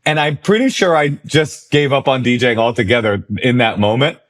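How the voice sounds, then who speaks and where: A man in his forties, a comedian guest, telling a story in a conversation, animated and self-deprecating. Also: mid-range voice, moderate pace.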